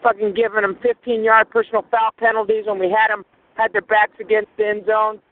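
A man's voice: high voice, flat delivery, fairly quick, no room sound. A man leaving an angry voicemail while driving, ranting and swearing nonstop. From Indio, California area. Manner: furious, swearing constantly. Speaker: caller. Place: in a car, driving. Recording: tinny phone line.

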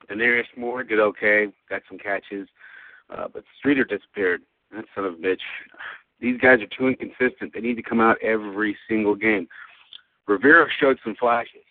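A low-voiced man rants, swears and grumbles through a heated fan voicemail. His voice comes over a thin, tinny phone line with a dry, close sound. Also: dry recording. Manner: profane, heated ranting. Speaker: fan caller.

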